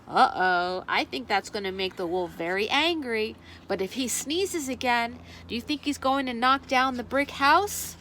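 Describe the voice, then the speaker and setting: A woman librarian reading a picture book aloud at children's story time, animated and asking the listeners questions. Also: on the high side, measured pace, hardly any pauses, slight background noise.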